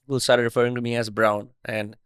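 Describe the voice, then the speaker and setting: Smooth-voiced man, Indian accent with American twang. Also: mid-range voice, little pitch movement, quick pace, fairly bright tone, no echo, studio quality. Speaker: podcast host. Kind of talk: casual interview chat.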